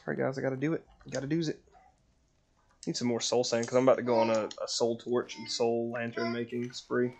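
A man streaming a block-building game, joking loudly, swearing and breaking into panicked yells. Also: mid-range voice, little pitch movement, a little fast, gravelly, slight background noise. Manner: loud, joking, swearing, bursts into panicked yelling. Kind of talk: casual gaming chat.

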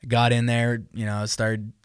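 A man's voice: mid-range voice, a little slow, clean tone, no room sound, clean studio sound. A man in his twenties, a podcast host, telling embarrassing stories in casual chat, often laughing and acting out what people said. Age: 20s. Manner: animated storytelling with laughs and acted-out quotes.

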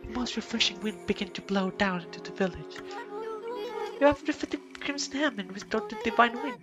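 A woman's voice: mid-range voice, expressive, brisk, natural voice. A woman voicing a gracious female spirit who thanks the heroes in formal, grateful words. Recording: game music playing behind.

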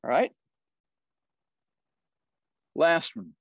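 A man's voice: very slow, no echo, highs cut off. Southern man teaching a Bible study. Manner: explanatory, often checks with "right?".

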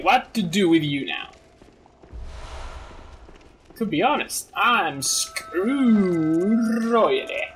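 A man playing through a video game, bursting into goofy exclamations. His voice sits high and bright, with big swings in pitch. He talks at an unhurried pace, and faint music plays behind him. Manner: excitable, loud outbursts and goofy exclamations. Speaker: gaming commentator. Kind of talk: let's play commentary.

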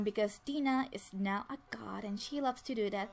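A woman's voice: a little high, animated, a little fast, few pauses, a little mellow. A woman casually narrating a life-simulation game and voicing the characters' dialogue herself. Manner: chatty, voices dialogue for the sims, many restarts. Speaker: let's play narrator. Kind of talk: casual game commentary with voiced character lines.

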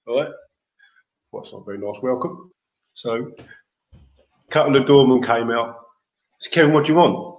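An English man telling lively, slang-filled anecdotes as an interview guest, laughing as he goes. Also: medium pitch, normal speed, pauses often, roomy sound, muffled recording. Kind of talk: casual storytelling.

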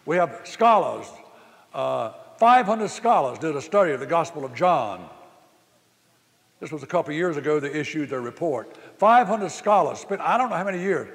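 A man preaching a sermon, telling a story that rises to loud, emphatic exclamations. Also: fairly high pitch, expressive, moderate pace, gravelly. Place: camp meeting hall. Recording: long reverb of a hall.

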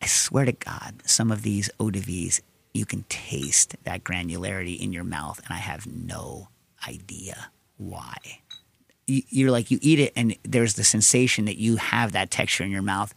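A podcast host with a lowish, creaky voice answers listener questions at a moderate pace in casual chat. He rambles, drifts into tangents, and tells stories animatedly.

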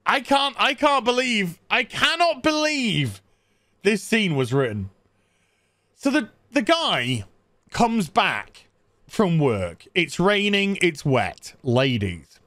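A man's voice: sits high, big pitch swings, slow pace, sharp tone, dry recording, studio quality. A man hosting a podcast, recapping a movie comically in a mocking, incredulous tone. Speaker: podcast host.

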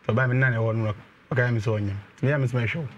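A man calling in to tell a personal problem, speaking in a slow, halting way. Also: medium pitch, fairly even intonation, highs cut off, slight background noise. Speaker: caller.

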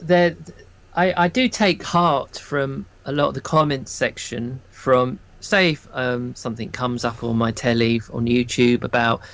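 A man from England, co-hosting a casual chat and talking hesitantly with frequent pauses. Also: mid-range voice, fairly even intonation, a bit bright. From southern England. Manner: hesitant, full of ums and restarts. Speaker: co-host.

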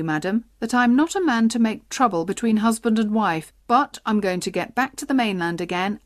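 A scheming working man wheedles and hints , voiced by a woman reading a storybook. The delivery is sly and coaxing, pitched at her ordinary middle register. The sound is dry and close, with no room around it. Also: no echo, natural voice. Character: poor male workman blackmailing a woman.

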